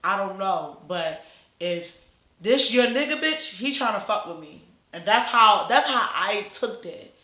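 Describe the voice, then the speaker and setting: A woman's voice: mid-range voice, lively intonation, a little slow, bright, forceful tone, reverberant. A woman vlogger telling a story in casual chat, blunt and profane, rambling along as she goes.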